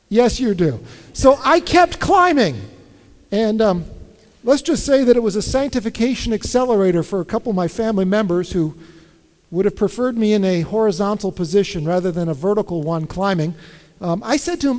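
A man's voice: sits high, lively intonation, fairly quick, darkish tone, long reverb tail. A male pastor preaching a sermon, emphatic and repeating phrases for stress, with wry humor in his personal stories.

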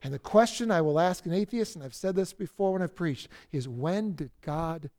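A man preaching a sermon who acts out the psalmist's cries, swinging from loud outbursts to near-whispers. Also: high-pitched, lively intonation, a little fast. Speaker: pastor.

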